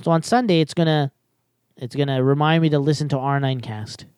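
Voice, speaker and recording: Woman, podcast host, casual rambling chat, lowish voice, dry close sound. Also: fairly even intonation, a little fast, darkish tone, clean tone, dry recording. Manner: rambling, with many fillers and restarts.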